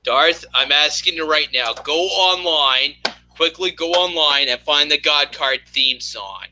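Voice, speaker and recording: Guy chatting about games at home, lots of likes and uhs, really bright voice. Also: a little high, measured pace, slight background noise. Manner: rambling, filler-heavy. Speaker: host. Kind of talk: casual gaming chat. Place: home room with PC.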